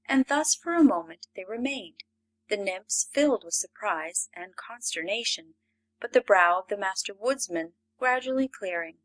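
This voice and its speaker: A woman reading a classic storybook aloud as an audiobook narrator, measured and expressive. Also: mid-range voice, low-quality recording.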